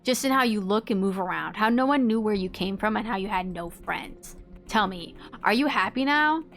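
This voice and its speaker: A woman's voice: medium pitch, animated, moderate pace, a bit bright. A hotheaded young male student who snaps and swears, read aloud by a woman in a near-everyday voice. He is pushy and crude. Faint music sits behind him. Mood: angry. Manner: aggressive, swearing. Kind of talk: reading game dialogue aloud.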